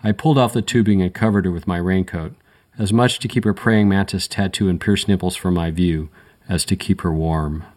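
A man reads a first-person crime story aloud in a very deep voice. His delivery is measured and matter-of-fact, with a dry edge throughout. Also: darkish tone. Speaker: audiobook narrator.

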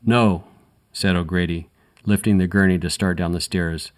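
A man narrating a first-person crime story in a measured, dry, matter-of-fact way. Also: low voice, little pitch movement. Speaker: audiobook narrator.

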